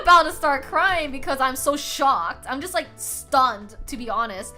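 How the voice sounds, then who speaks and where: A young woman streaming, telling a story to her chat in a casual, animated way, laughing often and swearing freely. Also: high voice, unhurried, faint music behind. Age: young adult. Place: home streaming setup.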